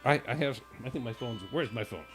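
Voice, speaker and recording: A male radio host at middle pitch tells a long personal story in a casual, rambling way. He stumbles and restarts often and briefly acts out the other people in it. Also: fairly quick, a bit bright, soft background music.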